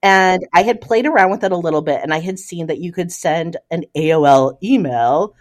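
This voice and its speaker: A middle-aged woman co-hosting a podcast, telling a funny story from her past in casual chat. She laughs often and acts out the people in it. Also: fairly low pitch. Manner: animated, laughing storyteller who acts out quoted voices. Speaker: podcast co-host.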